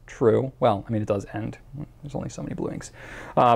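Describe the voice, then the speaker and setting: Gravelly and husky, at medium pitch and a fairly quick clip, the man runs an informal question-and-answer show. He chats with many fillers and restarts, voicing a viewer's question in a mock accent.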